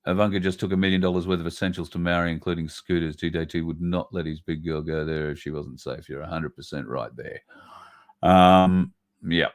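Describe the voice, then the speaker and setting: Blunt, swearing man with a very deep voice. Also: fairly even intonation, brisk. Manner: blunt, swearing, ranting with sudden loud bursts. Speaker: livestream host. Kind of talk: livestream commentary reading viewer comments.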